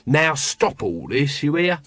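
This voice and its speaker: A man's voice: fairly high pitch, very animated, slow, fairly bright tone, no echo, full character voice. A man voicing a lazy, cynical watchman who mumbles and rambles evasively. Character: shifty seasoned male watchman, lazy and cynical.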